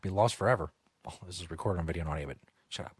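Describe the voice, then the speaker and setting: A man's voice: low voice, very fast, husky, no room sound. A man hosting a comedic talk show from a studio, rambling, jokey and profane. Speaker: host.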